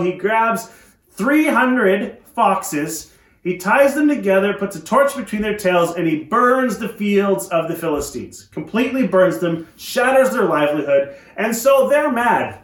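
A man with a high voice preaches in a church, retelling a story with lively energy and wry asides. His voice rings around an echoey church room. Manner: animated storytelling with joking asides. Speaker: pastor. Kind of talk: sermon.

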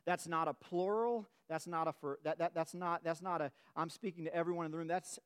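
A pastor with a notably high voice delivers a sermon in a church. He presses his points with emphatic repetition, restarting phrases, and his voice climbs as his fervor builds. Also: steady tone, fairly quick, few pauses, clear, resonant tone. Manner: emphatic, repeats words and restarts, voice rising with fervor. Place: church sanctuary.

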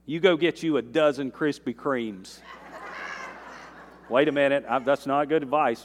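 A man preaching a sermon in a church, his voice ringing with the long reverb of a large hall. He moves between soft, earnest stretches and loud climbs in intensity, with folksy asides to the congregation. His pitch sits in a middle range for a man. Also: measured pace, long pauses, a little hiss or hum. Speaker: pastor. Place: church sanctuary.

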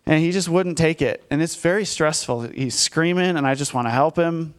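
A male pastor gives a conversational sermon built around a personal story, told candidly and with self-deprecating humor and frequent fillers. His voice is on the high side and smooth, at a normal speed.

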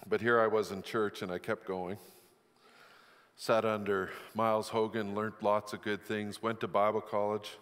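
A man's voice: lowish voice, flat delivery, normal speed, a bit bright, clean tone, big-room sound. A middle-aged male pastor preaching a sermon, with candid, self-deprecating stories. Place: church sanctuary.

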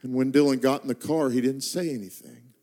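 A middle-aged pastor telling a personal story in a sermon, moving between quiet, slowed narration and rising, impassioned intensity. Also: male voice, steady tone. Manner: builds from hushed, slow narration to impassioned, high-pitched intensity.

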